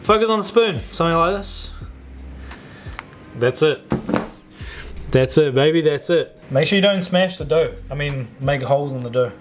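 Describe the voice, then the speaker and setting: Man, casual cooking vlog, slightly high voice, chatty slang, faint room hiss. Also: expressive, moderate pace, pauses often. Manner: loose and chatty, slangy asides. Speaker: home cook.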